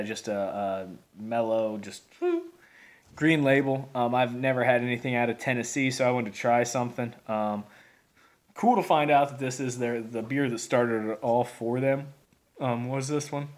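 A man's voice: medium pitch, fairly even intonation, normal speed. A man reviewing a beer on camera in a rambling, folksy way, with lots of fillers and restarts. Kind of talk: casual video review.

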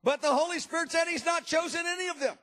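A man's voice: very high voice, fast, fairly bright tone, voice pushed up. A man voicing the old prophet Samuel in a sermon, speaking in an emphatic, urgent way. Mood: insistent. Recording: long reverb of a large hall.

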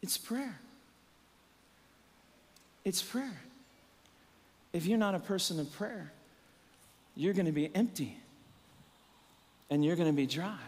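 A man's voice: a little high, moderate pace, pauses often, darkish tone, in a large hall. A male pastor preaching an impassioned sermon with emphatic repetition and rhetorical questions, his voice a little strained. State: voice strained, catching his breath. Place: church sanctuary.

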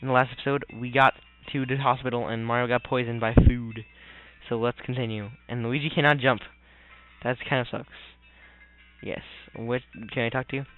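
A man's voice: medium pitch, steady tone, moderate pace. Goofy man playing a game, tinny sound. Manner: goofy, rambling, mutters complaints. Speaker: let's player. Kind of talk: casual gameplay commentary. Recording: tinny lo-fi with faint game music.

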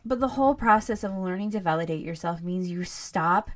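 A woman's voice: lowish voice, a little fast. Candid woman ranting on her podcast. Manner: candid, rambling, animated when ranting. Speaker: podcast host. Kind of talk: casual solo podcast monologue.

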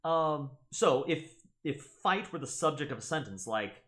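Young American male host, casual explainer, teacherly, expressive pitch, mid-range voice. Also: moderate pace, few pauses. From United States. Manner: teacherly, checks in with "right?". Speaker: gaming channel host.

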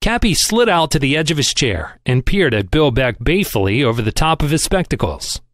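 A man narrating a novel in an expressive audiobook reading. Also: fairly high pitch, brisk, no echo, clean studio sound. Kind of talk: scripted narration.

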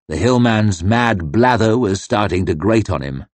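A man reading an audiobook narration with expressive, varied delivery. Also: lowish voice, unhurried, no room sound. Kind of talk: scripted fantasy narration.

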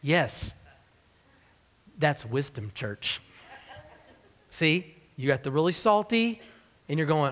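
A man's voice: fairly high pitch, very animated, slow, pauses often, a bit bright, big-room sound. A man preaching a sermon as pastor of a church, in a conversational, joking style. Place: church sanctuary.

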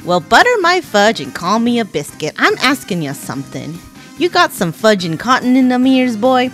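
A woman puts on a swaggering game cowboy with a folksy drawl who softens his own cussing into silly substitutes. The delivery swoops and bounces from line to line. Faint music plays behind him. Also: fairly high pitch, very animated, moderate pace, voice pushed up. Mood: gruff blustering. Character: brash Southern cowboy man, swaggering.

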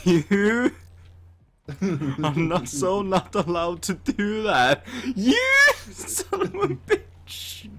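A man swearing and laughing while playing a video game with a friend. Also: sits high. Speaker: gamer. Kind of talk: casual gameplay chat.

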